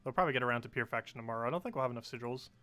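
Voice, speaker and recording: A man in his twenties from New Jersey, talking fast and casually as he streams a game. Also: medium pitch, sharp tone. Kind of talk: casual live-stream commentary.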